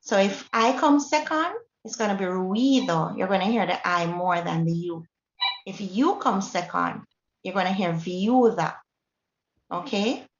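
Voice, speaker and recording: A woman's voice: medium pitch, expressive, normal speed, a little hiss or hum. A woman with a Jamaican accent teaching a Spanish lesson, explaining each point and checking in with the class. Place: classroom or workshop hall. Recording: roomy, dull lo-fi recording.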